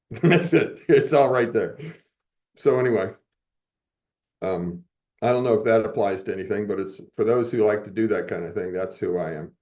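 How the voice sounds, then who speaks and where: A man's voice: lowish voice, moderate pace, pauses often, darkish tone. An older man as a podcast guest, telling a rambling personal story with frequent chuckles and restarts. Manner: rambling, chuckles often, self-correcting. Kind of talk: storytelling in a casual interview. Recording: muffled, dull audio.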